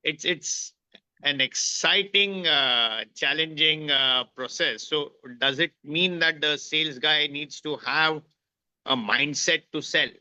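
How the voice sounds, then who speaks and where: A man hosting an interview, asking brief, measured questions over a video call. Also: a little high, pushed and bright, clean tone, dry recording. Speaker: interview host. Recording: dull lo-fi call audio, dry.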